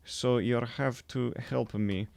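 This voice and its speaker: A man's voice: medium pitch, fairly even intonation, slow pace, creaky, darkish tone, clear, resonant tone, no room sound. A man voicing an earnest, oversharing friend who pleads in broken English.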